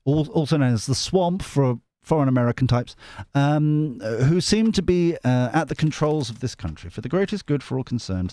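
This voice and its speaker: Chatty man, lively pitch. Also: moderate pace. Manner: chatty, rambling, self-mocking. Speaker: tarot reader. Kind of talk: live-stream reading, casual chat.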